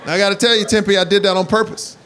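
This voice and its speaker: A man doing stand-up comedy who tells animated stories and builds up to shouts. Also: high voice, fast talker. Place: comedy club stage. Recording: live club set with crowd laughter. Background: audience laughter and room hiss.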